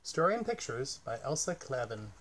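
Expressive man reading a picture book. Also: mid-range voice, normal speed, a little hiss or hum. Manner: gentle, expressive storytelling. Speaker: storyteller. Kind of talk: children's picture-book read-aloud.

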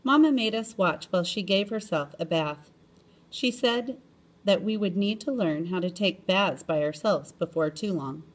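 A woman reading a children's chapter book aloud in an expressive storytelling manner, often lifting her pitch.

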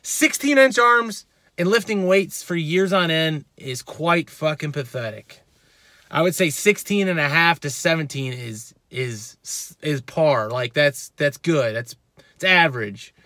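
A man's voice: fairly high pitch, animated, measured pace, sharp tone, no echo. A male fitness channel host ranting in a vlog, heated and profane, repeating his points.

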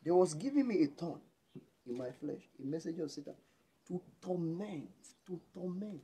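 A man with a Nigerian accent preaching a sermon as pastor, jumping between loud exclamations and hushed lines. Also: a little high, lively intonation, moderate pace, husky.

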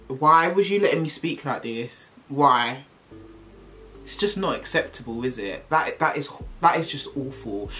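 This woman in her twenties, from Essex, England, speaks with an Essex accent in a low but slightly bright voice. She's a vlogger chatting casually to camera in a confessional style, laughing often.

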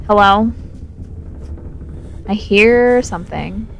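A woman's voice: mid-range voice, a little slow, gravelly, long pauses, faint music behind. A tipsy young woman chatting and swearing through a let's play, talking back to the game's character. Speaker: gamer. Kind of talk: casual drunk let's play commentary.

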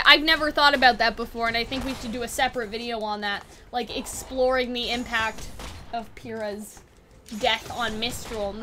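A woman's voice: sits high, sharp tone, a little hiss or hum. A woman hosting a casual review chat, talking in a loose, chatty way full of "like" and "you know what I mean.". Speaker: anime review show host.

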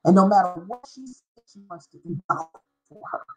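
A middle-aged woman, a former schoolteacher, telling a personal faith story with deep feeling and spelling out words for emphasis. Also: brisk, warm tone, rough recording. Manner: emotional, spells out words, sings briefly. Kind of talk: personal testimony.

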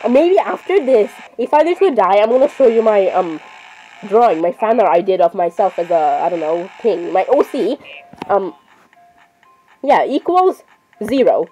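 A woman's voice: mid-range voice, expressive, normal speed, warm tone, faint music behind, rough recording. A woman chatting casually while playing a game, often apologizing and saying "literally". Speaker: gamer. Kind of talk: casual gameplay commentary.

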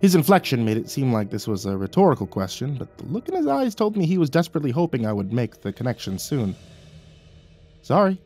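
Male horror narrator, measured and dramatic, faint music underneath. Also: medium pitch, big pitch swings, warm tone. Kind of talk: scripted horror story narration.

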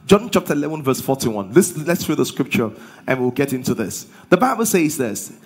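A man's voice: medium pitch, very animated, brisk, slightly rough. A man preaching a sermon as pastor. He drives his points home with rhetorical questions and call-and-response.

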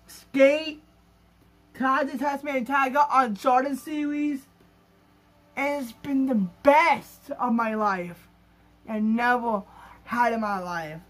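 A man's voice: very high voice, a bit bright. A gaming YouTuber, a man, talking in an overexcited, gushing vlog style, rambling and restarting his sentences. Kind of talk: excited gaming vlog talk.

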